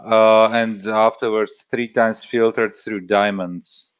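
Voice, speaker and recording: A man's voice: lowish voice, level tone, smooth, lo-fi sound. A man hosting a casual livestream chat, rambling and reading out product details. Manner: slow, rambling, reads out labels. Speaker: stream host.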